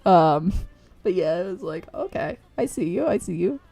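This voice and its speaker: A woman's voice: on the low side, lively intonation, moderate pace, vocal fry, dark tone, husky, faint music behind. Giggly streamer woman chatting while drawing. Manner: chatty, giggly, retells with acted quotes. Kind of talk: casual chat while drawing.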